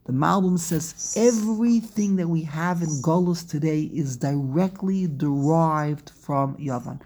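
A man's voice: a little high, unhurried, a little mellow. A man teaching a scripture study class, reading phrases aloud, translating them, and explaining step by step with restarts and asides to his students.

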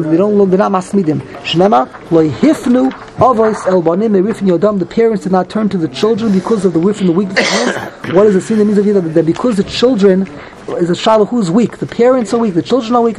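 A man giving a Talmud class, reading Hebrew phrases and explaining them quickly in English with many restarts. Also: high-pitched, darkish tone, low-quality recording. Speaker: Talmud teacher.

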